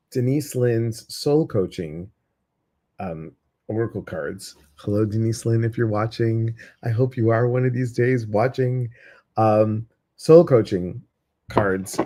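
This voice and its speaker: A man hosts a relaxed evening chat with his meditation group. He talks slowly at a middle pitch, rambling along with plenty of fillers. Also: a little hiss or hum. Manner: rambling and chatty, with many fillers. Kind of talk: casual chat to a live audience.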